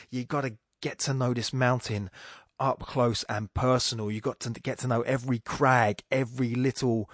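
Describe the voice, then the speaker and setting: A man hosting a poetry podcast, talking in a chatty, enthusiastic way with a few fillers, then reading verse slowly. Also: medium pitch, no room sound, studio quality. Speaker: podcast host. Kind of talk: casual explanation, then slow poetry reading.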